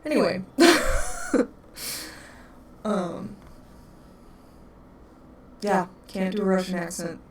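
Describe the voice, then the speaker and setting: A woman's voice: medium pitch, wildly swooping pitch, drawn-out words, long pauses. A woman with a Wisconsin accent, chatting and laughing as game master of a tabletop game. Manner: giggly, chatty, talks to her pets. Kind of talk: casual tabletop chat. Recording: echoey room, distant mic, faint noise.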